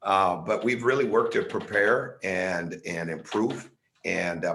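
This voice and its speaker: A man's voice: deep voice, a bit bright. A middle-aged man, a head coach, answering press questions on a video call in an earnest, emphatic way, restarting phrases as he goes. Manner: earnest, emphatic, repeats words when restarting.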